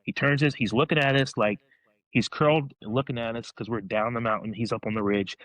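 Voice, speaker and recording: A man on a podcast, telling a story in a casual, excited way, rambling, restarting his sentences. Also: medium pitch, fairly quick, no room sound, low-quality recording.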